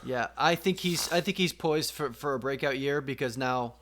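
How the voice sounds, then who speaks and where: A man's voice: medium pitch, moderate pace, fairly bright tone. A man co-hosting a casual sports podcast, laid-back and teasing, chiming in with short agreements. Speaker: podcast co-host.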